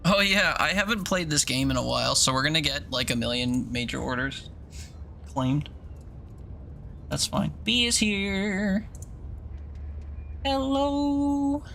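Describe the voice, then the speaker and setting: A man's voice: fairly high pitch, slow, creaky, long pauses, bright, forceful tone, soft background music. A man streaming games and chatting casually with his viewers, rambling and joking and making little mouth sound effects. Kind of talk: casual live-stream chat.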